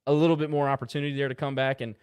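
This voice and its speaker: Guy cohosting a sports pod, reading stats quick with little side jokes, mid voice. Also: medium pitch, level tone, darkish tone, clean tone. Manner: rattles off box-score stats with quick asides. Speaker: podcast co-host. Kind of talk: casual sports podcast chat.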